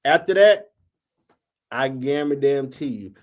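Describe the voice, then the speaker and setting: A man's voice: mid-range voice, animated, takes it slowly. A man in his forties, the host, telling a story casually and profanely, acting out quotes in a raised voice.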